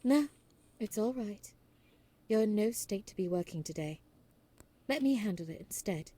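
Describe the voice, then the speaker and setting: A woman voicing a guarded young librarian who hides her feelings, speaking quietly and stiffly. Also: medium pitch, lively intonation, moderate pace, a little hiss or hum, close to an everyday voice. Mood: stilted. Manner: quiet and stilted.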